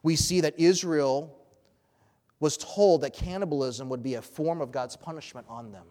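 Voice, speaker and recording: Earnest preacher with a higher voice. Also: male voice, moderate pace, warm tone, long reverb tail. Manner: earnest expository preaching with dramatic emphasis. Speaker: pastor. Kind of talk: sermon.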